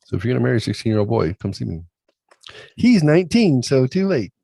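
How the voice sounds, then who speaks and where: A middle-aged man hosting a crude, casual chat show, loud and laughing, often putting on high voices to mimic his kids. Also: big pitch swings, fast, creaky, husky, no echo. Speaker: podcast host.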